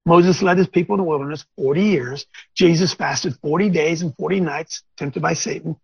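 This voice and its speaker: A man hosting a Bible teaching show, preaching informally to camera in an animated, rambling way with folksy asides. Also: a little high, normal speed, creaky, breathy edge, dry recording, highs cut off. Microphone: on camera, wearing glasses.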